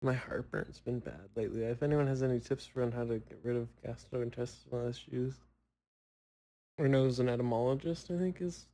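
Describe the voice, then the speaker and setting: Mellow-voiced man rambling to himself. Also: medium pitch, rough recording. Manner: rambling, self-mocking, long pauses. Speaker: podcaster. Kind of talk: casual solo chat.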